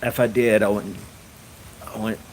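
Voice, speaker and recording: A man's voice: lowish voice, little pitch movement, moderate pace, a little hiss or hum. A man hosting a livestream, chatting casually and reading viewer comments while laughing hard and often. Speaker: livestream host.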